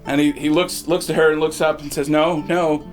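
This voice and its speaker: A man's voice: a little high, level tone, fast talker, soft background music. A man narrating as game master of a tabletop game, laughing often and repeating words as he goes.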